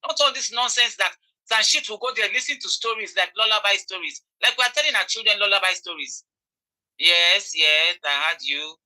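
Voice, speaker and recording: Nigerian woman, emphatic commentary, very bright tone, repeats herself. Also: medium pitch, quick pace, low-quality recording. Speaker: online commentator. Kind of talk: impassioned commentary.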